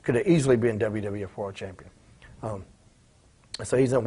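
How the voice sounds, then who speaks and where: Man in his forties, ex-wrestler guest, quick husky delivery, salty language, acts out other people's lines. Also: fairly low pitch, dark tone. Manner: profane, acts out quoted voices in his stories. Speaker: former pro wrestler, interview guest. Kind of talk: casual storytelling in a shoot interview.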